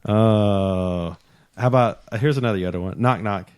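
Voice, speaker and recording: A man's voice: on the low side, moderate pace, darkish tone, smooth, no echo, studio quality. A man hosting a casual podcast chat, laughing often and retelling scenes at length. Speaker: podcast host. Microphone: headphones with close mic.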